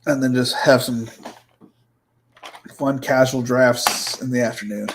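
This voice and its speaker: A man's voice: medium pitch, steady tone, measured pace, slight background noise, low-quality recording. A man streaming fantasy sports drafts, out of breath, thinking aloud in loose, profane, muttered asides. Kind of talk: casual livestream commentary.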